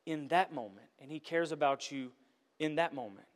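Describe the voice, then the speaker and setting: Middle-aged male pastor, earnest and emotional in the pulpit, slightly high voice, long hall echo. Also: animated, normal speed. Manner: earnest, emotional testimony with restarts. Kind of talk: sermon.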